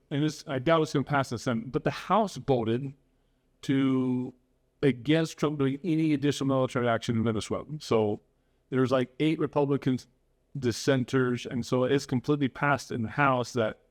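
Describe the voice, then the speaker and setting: Earnest man hosting a political podcast. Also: medium pitch. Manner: earnest and opinionated, switches into Spanish to interview. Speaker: podcast host. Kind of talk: casual political chat.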